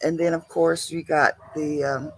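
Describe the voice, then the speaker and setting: A woman's voice: low voice, flat delivery, a little slow, slight background noise, poor audio. A woman co-hosting a casual livestream chat, chatty and laughing often. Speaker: co-host.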